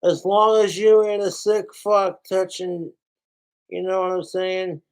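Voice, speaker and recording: A man's voice: high voice, little pitch movement, slow, darkish tone. A man hosting a podcast, ranting in a casual, heated and profane way. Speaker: podcast host.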